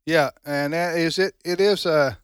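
A man's voice: on the high side, fairly even intonation, measured pace, clear, resonant tone, dry recording, studio quality. A man co-hosting a talk radio show, chatting and teasing his partner on air. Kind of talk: casual on-air banter. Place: radio studio. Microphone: studio microphone.

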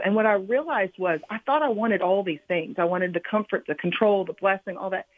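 A woman author giving a reflective, halting personal testimony as a guest on a radio interview. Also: mid-range voice, no echo. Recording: phone line, dry.

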